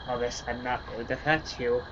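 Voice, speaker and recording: Woman doing a creepy hushed man. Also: steady tone, normal speed. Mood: menacing hush. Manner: low, hushed, creepily reassuring. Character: soft-spoken menacing male stranger, predatory. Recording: dull lo-fi sound with loud noise hiss.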